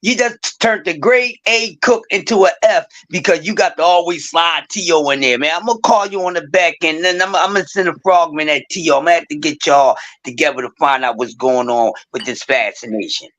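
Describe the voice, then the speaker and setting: A man with a fairly high voice holds forth on a casual sports podcast. He rants in an animated, sarcastic way, building up steam as he goes. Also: a little fast, hardly any pauses, low-quality recording. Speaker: podcast co-host.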